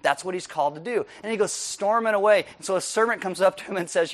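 A male pastor delivers a lively sermon in a high, bright voice. He laughs easily, keeps asking his listeners "right?", and swings between loud punches and quiet asides. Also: fast, few pauses. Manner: laughs often while preaching.

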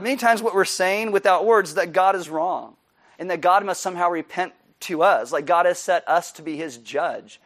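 High-voiced man giving a sermon. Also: moderate pace, fairly bright tone. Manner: conversational, explains with humor and chuckles. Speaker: pastor.

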